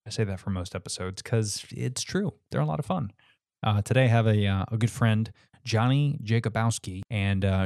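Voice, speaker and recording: A man's voice: lowish voice, normal speed, gravelly, a little mellow, no echo, studio quality. A man hosting his podcast in casual chat, laid-back, with lots of fillers and swearing. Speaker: podcast host.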